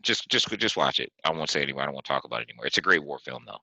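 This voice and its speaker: Deep, bright-voiced man chatting animatedly. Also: racing, vocal fry, dry recording, poor audio. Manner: animated, laughing storyteller, repeats himself. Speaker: podcast host. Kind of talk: casual chat about movies.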